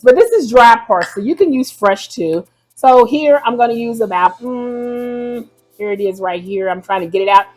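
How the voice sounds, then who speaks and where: A woman's voice: mid-range voice, poor audio. A woman hosting a casual home cooking demonstration in her kitchen, chatty and rambling, often correcting herself mid-sentence. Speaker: home cooking video host.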